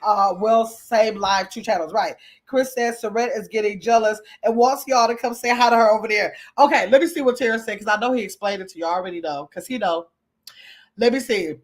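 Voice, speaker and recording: A woman's voice: medium pitch, a little fast. A woman hosting a livestream from her computer at home, chatting casually with her viewers and reading their comments aloud. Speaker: livestream host reading chat.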